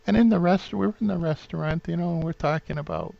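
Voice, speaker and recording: A vlogger in his fifties with a New England accent rambles sentimentally through a home vlog, full of fillers and restarts, and gets openly emotional. He talks fast in a creaky voice on the high side. The recording has no echo but sounds muffled.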